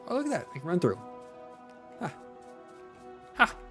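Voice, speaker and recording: A man's voice: high voice, wildly swooping pitch, moderate pace, a bit bright, soft background music. A man streaming a factory-building game, muttering to himself with playful asides. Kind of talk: casual gameplay commentary.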